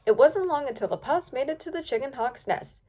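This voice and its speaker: A woman reading a children's fanfiction story aloud, switching into voices for each character. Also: brisk. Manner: lively, voices each pup and hawk with pitch jumps. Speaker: fanfiction reader.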